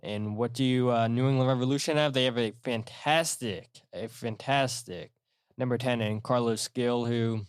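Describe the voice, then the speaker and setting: The speaker is a man hosting a podcast alone, wandering through his stories with plenty of fillers and restarts in an animated manner. His mid-range voice moves at a moderate pace with a clean tone, in a dry, studio-quality recording.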